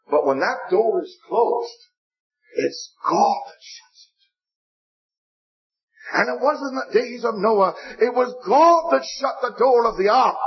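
An older man preaching a sermon, telling stories earnestly, repeating phrases and pleading with his listeners. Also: high voice. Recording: dull lo-fi recording.

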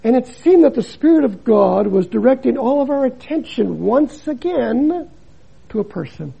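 An older man, a missionary preacher, giving a dramatic sermon that swings between loud emphasis and hushed drops. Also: very high voice, big pitch swings, moderate pace, creaky, slightly rough, muffled recording.

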